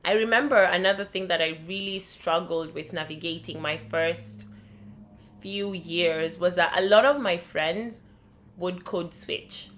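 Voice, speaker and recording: Young woman, Kenyan accent, reflective vlog talk, slightly low voice, candid. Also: unhurried, a bit bright, a little hiss or hum. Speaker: vlogger.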